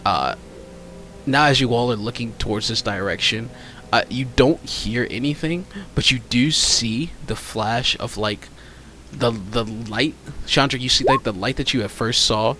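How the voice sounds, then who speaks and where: A man narrating as game master of a tabletop role-playing session, pausing often with fillers as he describes the scene. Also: mid-range voice, bright, forceful tone, slight background noise. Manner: hesitant, lots of fillers.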